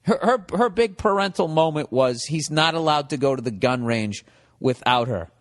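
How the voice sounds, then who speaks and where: Profane rambling comedian, reverby. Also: male voice, a little high, expressive, normal speed. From United States. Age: 40s. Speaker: podcast host. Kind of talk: comedic podcast monologue.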